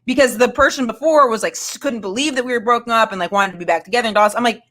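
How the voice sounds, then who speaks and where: A woman's voice: fairly high pitch, racing, fairly bright tone. A woman guest telling a candid, self-mocking dating story in a rambling way, full of filler words. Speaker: guest comedian.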